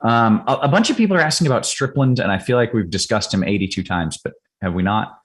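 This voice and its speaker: Animated joking male host. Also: on the low side. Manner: animated, joking, asks quick questions. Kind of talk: casual podcast chat.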